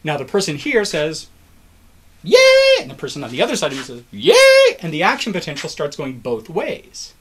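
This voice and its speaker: A man's voice: fairly high pitch, quick pace, few pauses, slight background noise. A man giving a recorded biology lecture, explaining step by step and acting out a crowd doing the wave, encouraging to his students. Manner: animated, acts out cheering crowd voices in examples.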